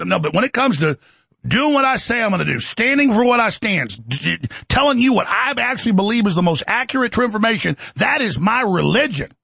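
A high-pitched, very gravelly man rants through political commentary at a fast clip, his voice leaping up and down. His tone is bright and tense with a husky rasp, and the sound is dry and close. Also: dry recording. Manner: rapid, ranting, animated, with mocking impressions. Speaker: host.

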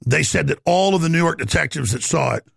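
A man's voice: on the high side, lively intonation, fast talker, dry recording, studio quality. A man hosting a talk radio show, delivering a rambling, heated monologue that jumps between topics. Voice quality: gravelly, raspy.

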